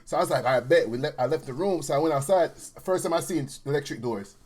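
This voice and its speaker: Man, casual podcast chat, lively storytelling, swings loud and hushed. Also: on the high side, fast talker, crowd noise. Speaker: podcast guest.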